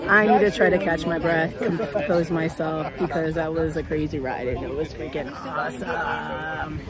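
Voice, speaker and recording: A woman vlogging to her phone outdoors on vacation, hoarse with her voice nearly gone, excitedly addressing her viewers as "you guys". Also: sits low, moderate pace, a loud crowd. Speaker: wrestling vlogger. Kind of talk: casual vlog to camera. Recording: loud outdoor background noise.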